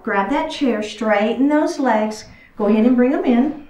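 A woman's voice: a little high, animated, unhurried. A woman teaching a chair yoga class, chatty and encouraging, a little out of breath as she moves through the poses. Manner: encouraging, chatty, talks while moving. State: slightly out of breath. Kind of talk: guided exercise class instruction. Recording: echoey room, far from the mic.

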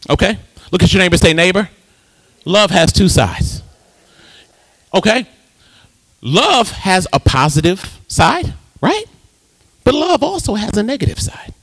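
A male pastor preaching a lively sermon in a church, joking with the congregation and breaking into sing-song call-and-response. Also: sits high, rough recording. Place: church sanctuary.

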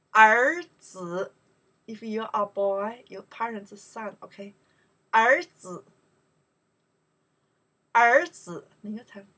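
Bright, breathy woman teaching pronunciation. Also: medium pitch. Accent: Mandarin Chinese. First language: Chinese. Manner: slow, repeats words for learners, louder on the Chinese examples. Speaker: Chinese teacher. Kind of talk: pronunciation lesson.

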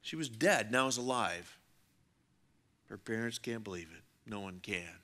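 A man preaching a sermon, animated, acting out the voices of people in the story and swinging between loud outbursts and hushed lines. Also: lowish voice, measured pace. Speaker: pastor.

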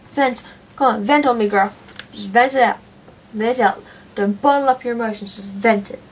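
A woman with a slightly high voice gives let's play commentary. She talks in a playful, theatrical way, hamming up her reactions to the game. Her tone stays chatty throughout. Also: normal speed, distant mic, slight background noise, rough recording. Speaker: gaming channel host.

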